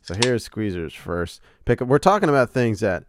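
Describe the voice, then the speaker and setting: A man's voice: medium pitch, sing-song, moderate pace, background noise. A man co-hosting a casual podcast, teasing and wry. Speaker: podcast co-host. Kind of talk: casual chat.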